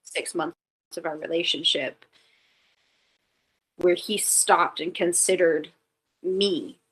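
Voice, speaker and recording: Woman guest on a chat show, slightly low voice, chatty and candid, heavy on "like" fillers. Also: steady tone, slow pace, fairly bright tone, breathy edge, poor audio. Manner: chatty, full of "like" fillers and restarts; candid and reflective. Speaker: podcast guest. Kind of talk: casual storytelling in an interview.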